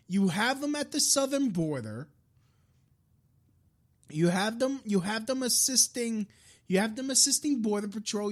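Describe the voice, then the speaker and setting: A man hosting a live-streamed podcast, delivering a frustrated, profane political rant with frequent restarts. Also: high voice. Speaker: podcast host.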